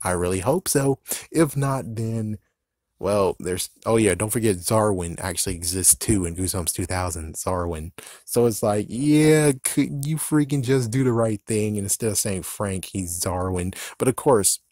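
A young man casually vlogging as a fan channel host, rambling excitably with swearing and frustrated outbursts. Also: fairly low pitch, normal speed, dry recording, clean studio sound. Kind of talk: casual ranting vlog.

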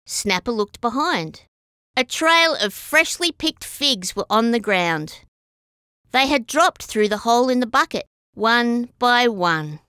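A woman reading a children's story aloud as a storyteller, expressive and sing-song. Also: fairly high pitch, slow pace, clean tone, no room sound, studio quality.

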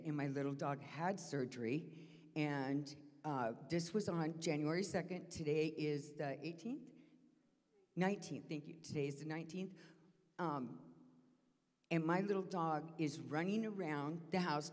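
A woman telling a personal testimony to a church congregation, emotional and halting, with many restarts. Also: deep voice, in a large hall. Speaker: church member giving testimony. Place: church sanctuary.

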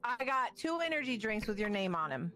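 A woman's voice: on the high side, sing-song, fairly quick, sharp tone, soft background music. Wry woman police officer in game role-play. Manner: wry, bantering.

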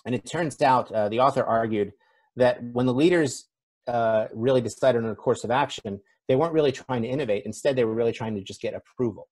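A man's voice: mid-range voice, a little fast, darkish tone. A man speaking as a conference speaker in a conversational, self-deprecating keynote, with frequent fillers. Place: event stage.

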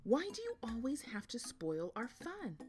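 A woman's voice: mid-range voice, very animated, slow, over music, voice pushed up. A woman reading aloud, voicing a small, brave, rule-making girl shape in a sing-song storybook voice. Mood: calling.

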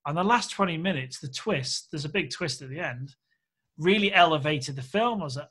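A man's voice: on the high side, brisk, breathy edge. A man from Australia, a filmmaker guest on a podcast, telling a candid anecdote and acting out the people he quotes. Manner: candid, animated anecdote-teller who acts out quoted speech. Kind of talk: casual podcast interview storytelling.

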